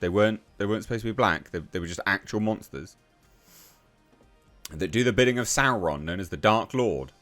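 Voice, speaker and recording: A man's voice: lowish voice, expressive, brisk, fairly bright tone, soft background music. An English man giving ranting commentary on a news article, reading passages aloud and then reacting with blunt, profane scorn. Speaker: online commentator.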